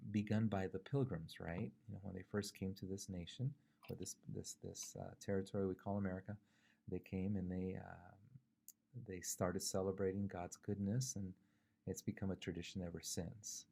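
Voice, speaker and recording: Gravelly low-voiced male pastor. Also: mellow. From California. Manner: conversational, thinks aloud with fillers and rhetorical questions. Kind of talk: short devotional sermon.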